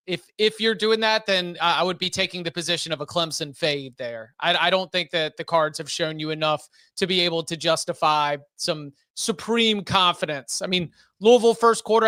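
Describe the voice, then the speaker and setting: A man giving college football betting opinions in a measured way, with hesitant restarts. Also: high-pitched, pushed and bright, smooth, no room sound, clean studio sound. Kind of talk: casual sports betting chat.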